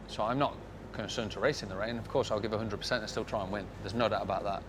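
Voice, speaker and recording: A man from Britain, a motorcycle racer, answering an interview in a low-key, determined way. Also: fairly even intonation, fast. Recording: noisy outdoor paddock interview.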